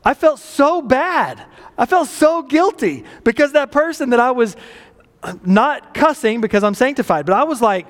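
High-voiced man preaching in a reverberant hall. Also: big pitch swings, moderate pace. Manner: conversational, self-deprecating, asks the audience questions. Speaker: pastor. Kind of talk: sermon.

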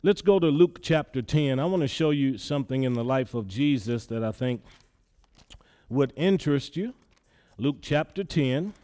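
A man's voice: mid-range voice, warm tone, clean tone. A man preaching a sermon in a church in a conversational way, often adding "yeah" between points. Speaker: pastor.

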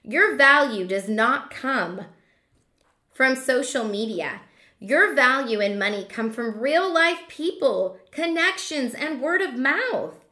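Lively emphatic woman coaching hairdressers. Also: sits high. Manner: emphatic, rhetorical questions, slows down to stress points. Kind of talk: motivational monologue to fellow hairdressers. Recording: echoey room.

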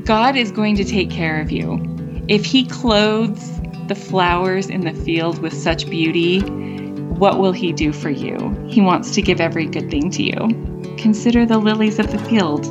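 A middle-aged woman hosting a podcast, telling a dream story in a soft, reflective way, with many "like" fillers and light laughs. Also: fairly low pitch, unhurried. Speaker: podcast host. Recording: dull lo-fi audio with faint guitar.

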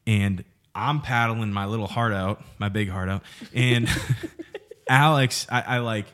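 A man in his late twenties hosting a podcast, telling a story in animated casual chat and laughing as he goes. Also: on the low side, a little slow. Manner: animated storyteller who laughs mid-sentence. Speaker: podcast host.

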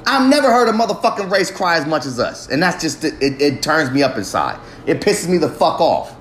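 High-voiced man ranting in a roomy space. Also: sing-song, fairly quick, a bit bright, slight background noise. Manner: heavily profane, ranting, emphatic. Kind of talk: impassioned monologue. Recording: roomy echo.

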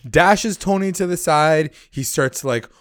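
A man recapping a TV episode in casual chat, animated, swearing often and acting out the characters' lines. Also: a little high, measured pace, dry recording. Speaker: podcast host recapping a TV episode.

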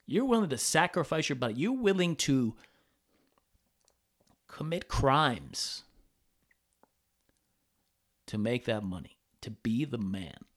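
A man's voice: mid-range voice, very animated, slow pace, pauses often. A man hosting a podcast, talking in a rambling, profane casual monologue with many restarts. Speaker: podcast host.

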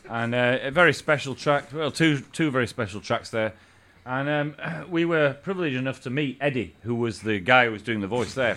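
A male radio host tells a loose, rambling story full of restarts and swearing. His voice sits at a middling pitch with a bright, forceful tone. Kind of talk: casual anecdote on air.

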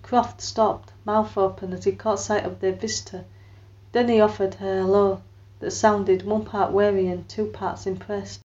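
A female audiobook narrator with a medium pitch reads at a moderate pace, bringing characters to life with their own voices and lifting her tone on dialogue. The highs in this recording are cut off.

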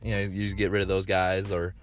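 A man's voice: low voice, completely flat delivery, fast, faint music behind. A man in his thirties hosting a casual monologue, rambling with lots of fillers and restarts, blunt and swearing freely. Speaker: podcast host.

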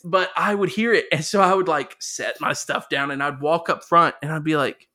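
A man's voice: fairly high pitch, normal speed, bright, forceful tone. A young man co-hosting a casual chat, telling playful stories and laughing often. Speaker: podcast co-host.

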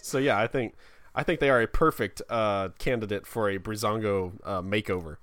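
A man co-hosting a casual wrestling chat, jokey and quick to laugh. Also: fairly low pitch, fairly bright tone, no room sound. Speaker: podcast co-host.

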